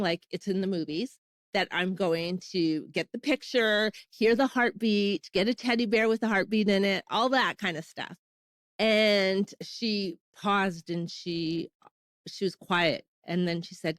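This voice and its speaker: A woman's voice: medium pitch, dry recording. A woman in her thirties from Canada talks through her own story in a candid, conversational way, her voice sitting in a middling register. The sound is close and dry, with no room around it. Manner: candid, emotional retelling with quoted dialogue. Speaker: podcast host sharing her fertility story. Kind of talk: casual personal storytelling.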